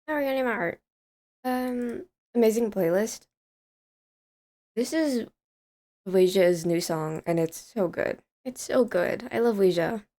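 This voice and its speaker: A woman's voice: medium pitch, measured pace, pauses often, warm tone. A young woman streaming live, chatting casually with viewers, rambling and laughing often as she greets chatters.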